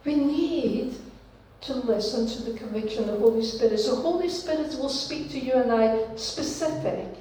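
Woman giving a sermon, slow and steady, mellow voice, heard far off in a big echoey room. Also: sits high, a little hiss or hum. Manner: slow, deliberate teaching with repeated phrases. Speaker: preacher.

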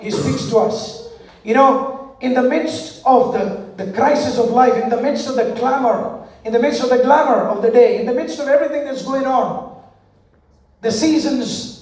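A man's voice: very high voice, a little mellow. A male pastor preaching a sermon, with rhythmic call-and-response and repeated parallel phrases, recorded in a church. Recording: echoey church hall from far off.

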